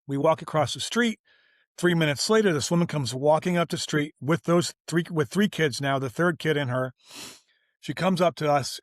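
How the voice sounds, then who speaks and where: Animated storytelling man, dry close sound. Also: fairly high pitch, moderate pace, dry recording. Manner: animated, acts out quoted dialogue, informal. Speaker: guest, business owner. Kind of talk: casual storytelling interview.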